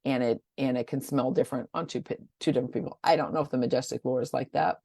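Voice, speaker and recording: Low, gravelly-voiced woman chatting about products. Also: fairly even intonation, fast talker, mellow, no echo, studio quality. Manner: rambling, chatty, stumbles over product names. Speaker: essential oil presenter. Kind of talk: casual product rundown.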